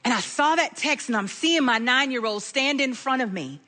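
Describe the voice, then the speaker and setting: A middle-aged woman preaching a sermon, telling a personal story in an animated way and acting out the voices in it. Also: sits high, moderate pace. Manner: animated, acts out quoted voices in her story.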